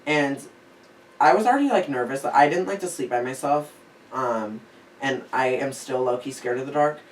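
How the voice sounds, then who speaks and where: A young podcast co-host tells a story in casual chat, rambling and dropping "like" constantly. His voice is mid-range and expressive at normal speed, recorded on a distant mic in an echoey room with a faint hiss.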